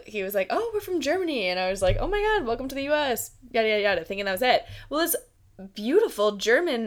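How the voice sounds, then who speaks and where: A young woman from the United States hosting her own podcast, chatting casually with lots of "like" fillers and giggles. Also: medium pitch. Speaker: podcast host. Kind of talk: casual solo podcast chat.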